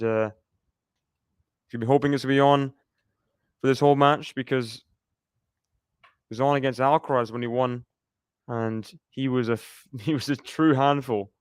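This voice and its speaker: A man's voice: medium pitch, steady tone, unhurried, pauses often, clear, resonant tone, no room sound, studio quality. A man hosting a live stream, giving casual play-by-play tennis commentary and chatting with viewers while reacting and laughing often.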